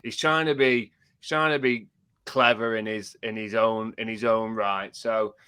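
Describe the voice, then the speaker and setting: Measured man explaining football. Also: on the low side, fairly even intonation, bright, forceful tone, smooth. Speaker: podcast co-host. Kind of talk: casual football chat.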